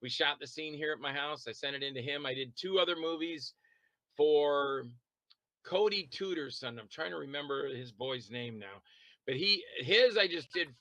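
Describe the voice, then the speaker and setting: A man chatting as an interview guest, telling long rambling stories about making films, quick to laugh and to act out what others said. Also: fairly high pitch, sharp tone, dry recording, rough recording. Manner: rambling anecdotal storytelling. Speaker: interview guest, independent filmmaker and actor. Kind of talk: casual interview chat.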